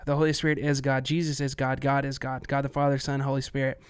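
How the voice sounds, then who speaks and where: A relaxed man chats on a podcast, stumbling over his words and restarting as he goes. His voice is smooth and full. The sound is close and dry. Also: mid-range voice, fast, no room sound. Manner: relaxed, stammering restarts, Southern "y'all". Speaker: podcast co-host. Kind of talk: casual chat.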